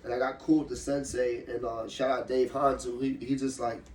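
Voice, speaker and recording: A man's voice: medium pitch, brisk, reverberant. Profane young man telling a life story. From Ohio. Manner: loose, profane, animated storytelling. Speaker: interview guest, MMA fighter. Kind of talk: casual storytelling interview. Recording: slightly distant mic with faint room noise.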